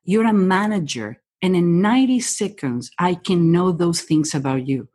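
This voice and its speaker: A woman's voice: fairly low pitch, lively intonation, a little mellow, husky. A woman speaking as a human behavior expert on a podcast, reading the listener point by point in direct, non-native English. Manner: direct and rapid-fire, reads the listener point by point, says "honey". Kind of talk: casual podcast conversation.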